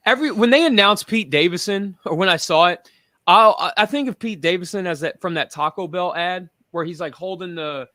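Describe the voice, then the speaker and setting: A man's voice: high-pitched, a little fast, sharp tone, no room sound. A man hosting a casual panel chat, talking in emphatic, rambling rants. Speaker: podcast host.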